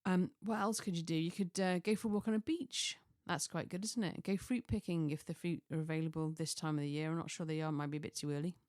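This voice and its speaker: A middle-aged woman chats in a relaxed, rambling way, doubling back on herself and chuckling at her own asides. Her voice sits slightly low. The recording is dry and close, with no room sound. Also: fast talker, few pauses, dry recording. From Chester, England. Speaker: lifestyle vlogger. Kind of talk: casual chatty monologue.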